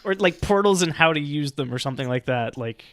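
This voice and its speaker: A man with a fairly high, bright voice talks through his character in a tabletop game. His speech is casual and halting, with many fillers. The sound is dry and close. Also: lively intonation, no echo. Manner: chatty, halting, laughing often. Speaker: player. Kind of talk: casual tabletop role-play chat.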